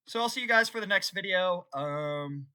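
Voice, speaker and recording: Animated young man rambling on camera. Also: sits high, moderate pace, smooth. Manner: animated, laughing, swings from excited to mock-somber. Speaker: YouTuber. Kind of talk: unscripted rambling vlog commentary.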